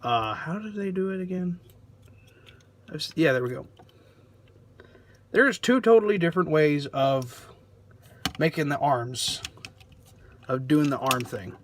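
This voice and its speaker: A man's voice: fairly high pitch, lively intonation, unhurried, long pauses, slight background noise. Rambling sarcastic toy reviewer, man. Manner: rambling, self-deprecating and sarcastic. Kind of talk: casual toy review vlog.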